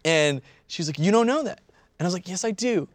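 Animated man telling a funny story. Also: sits high, fairly quick, no room sound. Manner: animated, swearing, laughing storyteller. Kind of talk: casual storytelling chat.

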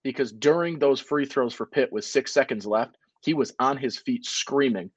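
A man's voice: mid-range voice, moderate pace, breathy edge, dry recording, dull audio. A man co-hosting a sports podcast, chatting in a loose, enthusiastic way. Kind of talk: casual sports talk.

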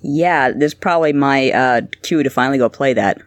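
Agreeable, easygoing woman co-host from Canada; relaxed chat, close and dry. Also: rumbling low, brisk, no room sound. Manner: agreeable, easygoing, laughs often. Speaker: podcast co-host. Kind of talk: casual podcast chat.

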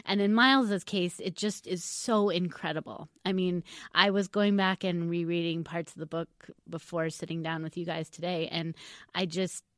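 A woman's voice: fairly low pitch, fairly even intonation, normal speed, no room sound, studio quality. A woman author talking through her book in an interview, earnest and hesitant, with many restarts. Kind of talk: casual interview talk.

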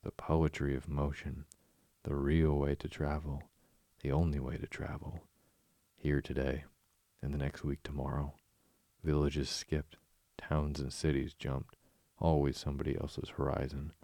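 A man's voice: extremely low pitch, level tone, a little slow, gravelly, dark tone, no echo, studio quality, exaggerated voice. A man voicing a dreamy, boastful male toad obsessed with motor cars, murmuring rapturously in a storybook reading. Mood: dreamy rapture.

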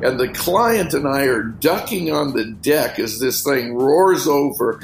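Gravelly man telling rambling fishing stories. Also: medium pitch, expressive, a little slow, echoey room, a little hiss or hum, rough recording. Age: middle-aged. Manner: rambling anecdotes full of "you know". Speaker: fishing guide. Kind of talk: casual storytelling interview.

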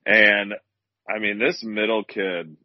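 A very deep-voiced man in his thirties rambles easily through a casual podcast chat. The audio is dry, with no room sound, and a little muffled. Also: level tone, slow pace, no room sound. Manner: laid-back, rambling with fillers. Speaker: podcast co-host.

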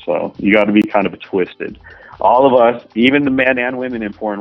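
A man talking casually in an interview, rambling and crude, filling every pause with "you know" and "man". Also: lowish voice, vocal fry, no room sound, highs cut off, soft background music. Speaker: adult film performer guest.

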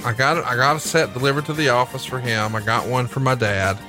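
A man's voice: medium pitch, fairly even intonation, quick pace, over music. A man co-hosting a podcast, trading jokes in casual chat and reading an ad in a brash, wisecracking way. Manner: brash, joking ad read. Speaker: podcast co-host.

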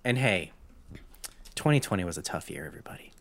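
Chatty man with a lively voice. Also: sits low, quick pace. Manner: joking, rambling, self-mocking. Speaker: podcast host. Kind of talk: casual chat on a video call. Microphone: video call mic. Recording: loud background noise.

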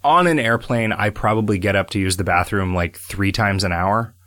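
A man's voice: fairly low pitch, moderate pace, bright, forceful tone, dry recording. A man co-hosting a podcast in casual, joking chat, rambling through comic riffs. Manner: rambling, joking, laughs at his own jokes. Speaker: podcast co-host.

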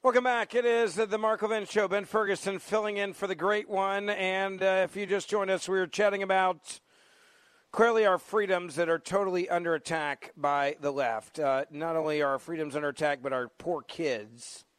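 Male talk radio host: emphatic, mocking, repetitive delivery; slightly high voice, dry studio sound. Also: fairly even intonation, moderate pace, fairly bright tone, clean tone, no echo.

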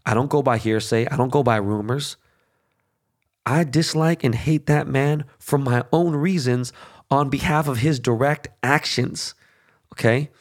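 A man's voice: mid-range voice, measured pace. A middle-aged man hosting a show, ranting in a heated, profane casual monologue full of fillers and restarts. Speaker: show host.

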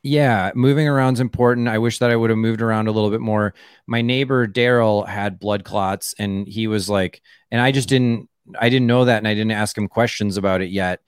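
A male comedian guest with a lowish, smooth and resonant voice. He rambles in casual chat, padding every thought with "like" and starting over, and the sound is dry and close. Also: fairly even intonation, normal speed, no room sound. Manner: rambling, full of "like" and restarts.

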